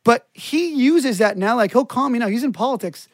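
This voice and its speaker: A man's voice: extremely high pitch, lively intonation, moderate pace, no echo, studio quality. A man in casual chat, telling a crude story with lots of swearing and laughter breaking into his lines.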